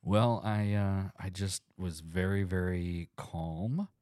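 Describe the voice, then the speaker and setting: A man's voice: low voice, slow, darkish tone, clear, resonant tone, dry recording, studio quality. A man co-hosting a podcast in casual comedic chat, jokey and prone to stammering restarts. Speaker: podcast co-host.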